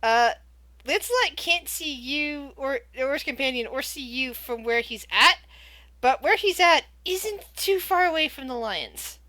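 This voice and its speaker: A woman with a bright, fairly high voice runs a tabletop game as game master. She narrates scenes and asks players for rolls, often stopping and restarting mid-sentence. The sound is dry and close. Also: expressive, a little slow, dry recording. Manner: hesitant, restarts often while describing.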